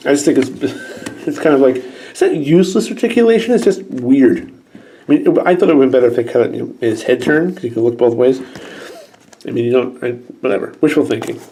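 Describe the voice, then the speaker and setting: Thirties male toy reviewer, warm mellow voice, excitable and wry. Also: medium pitch, fairly quick. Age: 30s. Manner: excitable and sarcastic, talks to the toys.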